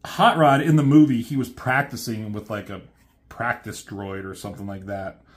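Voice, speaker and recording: A man's voice: lowish voice, fairly even intonation, normal speed. A man casually retelling a comic, rambling with many fillers and the odd swear word. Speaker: reviewer.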